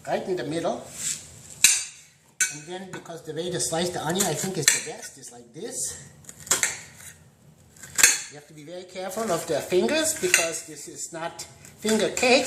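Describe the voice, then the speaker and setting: A man hosting a mock home cooking demonstration, rambling through deadpan puns and dad jokes. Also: high-pitched, very noisy. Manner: deadpan punning, dad jokes, trailing asides. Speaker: host of a joke home cooking show. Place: home kitchen. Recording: echoey kitchen with clattering pots and cutlery.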